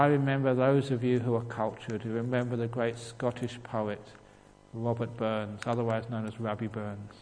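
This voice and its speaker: An English man gives a relaxed, humorous Buddhist dharma talk, chuckling as he tells his stories. His voice sits at an ordinary middle pitch and carries a long reverb from a large hall, with faint ambient noise underneath. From England. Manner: humorous storytelling with frequent chuckles. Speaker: Buddhist monk teacher.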